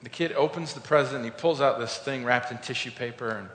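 A man's voice: mid-range voice, a little fast, slight background noise. Informal male preacher, storytelling sermon with emphatic surges, recorded in a reverberant hall. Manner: informal, storytelling, builds to loud emphatic peaks. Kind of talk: conversational sermon. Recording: echoey hall.

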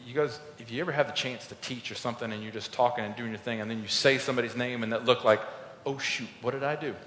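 Man preaching in an echoey hall. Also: mid-range voice. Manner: informal, storytelling, builds to loud emphatic peaks. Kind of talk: conversational sermon.

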